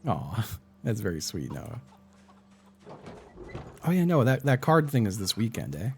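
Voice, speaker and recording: Gravelly, animated male streamer. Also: on the low side, unhurried. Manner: chatty, narrates his own play and greets chat. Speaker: live streamer. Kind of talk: casual gameplay chat.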